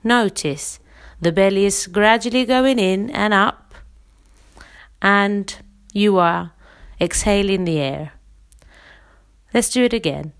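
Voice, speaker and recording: Lady vocal coach walking you through breathing drills, slow and calm, mid pitch. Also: clean tone. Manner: slow, calm, instructive, counts and demonstrates. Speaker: singing teacher. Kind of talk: guided breathing exercise lesson.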